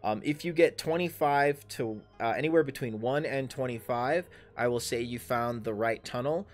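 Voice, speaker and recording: A man's voice: medium pitch, moderate pace, soft background music. A man in his thirties narrating a tabletop game as game master, hesitant and full of fillers. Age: 30s.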